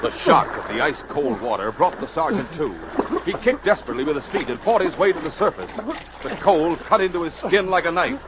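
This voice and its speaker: A man's voice: a little high, big pitch swings, a little fast. A man narrating a radio adventure drama with urgent, suspenseful delivery. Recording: muffled old radio recording with hiss.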